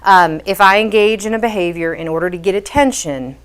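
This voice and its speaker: A woman's voice: mid-range voice, fairly quick, clear, resonant tone. A woman behavior specialist giving a patient, explanatory talk to parents, with frequent fillers as she explains.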